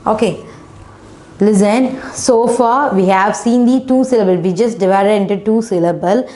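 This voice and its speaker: A woman's voice: medium pitch, takes it slowly, darkish tone. A woman teaching a phonics lesson to children, spelling words letter by letter and often asking "isn't it?". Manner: non-native English grammar, often asks "isn't it?".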